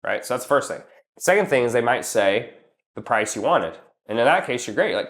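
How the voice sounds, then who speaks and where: A man's voice: mid-range voice, animated, quick pace. A man giving casual business advice as a coach, blunt and emphatic, swearing freely and calling the listener "bro" while he walks through numbered steps.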